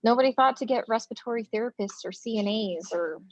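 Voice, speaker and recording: An American front-line nurse, a guest on an interview, talks casually and tells lively stories, acting out quoted dialogue with lots of fillers. Her voice sits on the high side and she speaks fast. The sound is dull and lo-fi, recorded in a dry room.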